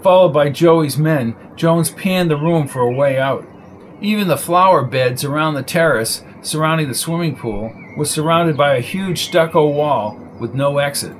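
A man reading a crime novel aloud in a steady storytelling voice. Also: a little high, moderate pace, slight background noise, rough recording. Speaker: narrator. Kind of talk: audiobook reading.

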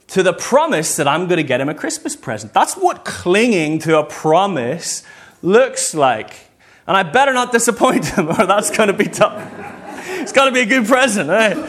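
A man in his thirties preaching a sermon as a pastor, animated and calling out for amens from his congregation. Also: high-pitched.

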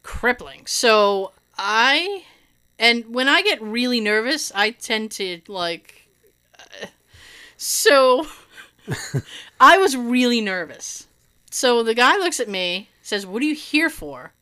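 A woman telling a long personal story in casual chat, animated, swearing and laughing often. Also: a little high, slow pace, long pauses, clean tone.

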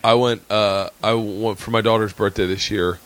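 A man's voice: fairly low pitch, fairly even intonation, normal speed, fairly bright tone. A man who is a guest on a podcast, telling a story in easygoing casual chat and repeating "I go" as he goes. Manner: easygoing, repeats himself and says "I go" a lot.

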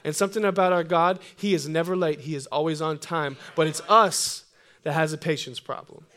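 A young man preaching a sermon, joking and energetic, calling on the congregation to repeat after him. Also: on the high side, brisk. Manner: humorous, energetic, call-and-response with congregation. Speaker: pastor.

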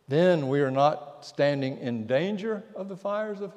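A pastor delivering a sermon, telling stories and dropping to a hush at the key lines. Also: male voice, a little high, lively intonation, a little slow, hardly any pauses. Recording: long church reverb.

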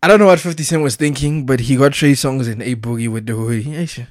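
A man vlogs in a loose, excitable, slang-heavy way, often breaking into laughter. His voice sits at an ordinary middle pitch. The recording is dry and close, with no room around it. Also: fast, no room sound. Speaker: vlogger. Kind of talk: casual chat.

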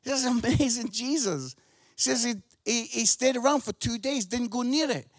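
High-voiced Scottish preacher, dry sound. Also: male voice, normal speed, dry recording. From Scotland. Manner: animated, emphatic, keeps checking with "yeah?". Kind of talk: lively sermon. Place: church in front of a congregation.

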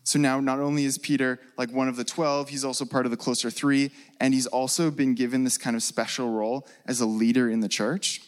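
Casual young-sounding preacher in a hall. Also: male voice, medium pitch, flat delivery, brisk, few pauses. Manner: casual, conversational, with many fillers. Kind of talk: sermon.

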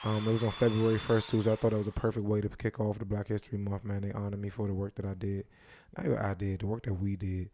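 A man's voice: on the low side, flat delivery, fast talker, mellow, no room sound. A man co-hosting a podcast, laid-back and profane, often saying "you know what I mean". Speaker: podcast co-host. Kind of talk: casual chat.

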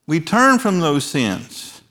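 A pastor in his forties preaching a sermon in a large church, earnest and emphatic, letting key phrases drop soft and quiet. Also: a little high, big pitch swings, slow. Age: 40s. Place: large church with overflow rooms.

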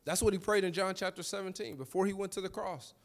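A man's voice: high voice, quick pace. A young man, preaching a sermon in a conversational, storytelling way with asides to the congregation. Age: young adult.

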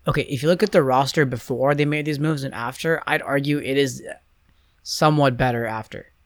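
A young man chatting loosely on a sports podcast, circling back and restarting his sentences as he thinks aloud. His voice sits at an ordinary pitch, recorded dry and close with no room sound. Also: brisk, no room sound. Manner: rambling, hesitant, many restarts and fillers. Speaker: podcast co-host. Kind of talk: casual sports chat.

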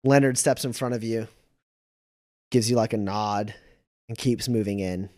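A man's voice: lowish voice, measured pace, warm tone. A man running a tabletop game as game master, narrating casually with frequent fillers.

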